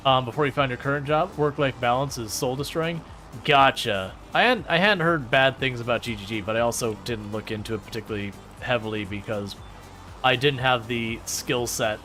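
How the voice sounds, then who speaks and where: A man streams a farming game and chats easily with his viewers. His voice is bright and forward, and he jokes, laughs and restarts his sentences as he goes. Faint game music hums in the background. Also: medium pitch. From Michigan, United States. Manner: chatty, joking, laughs often, many restarts. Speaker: gaming streamer. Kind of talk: casual live-stream chat with viewers.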